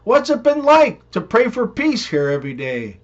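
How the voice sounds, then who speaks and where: Guy doing a nosy reporter asking stuff, high voice. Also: huge pitch swings, normal speed, highs cut off, exaggerated voice. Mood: curious. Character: curious male reporter.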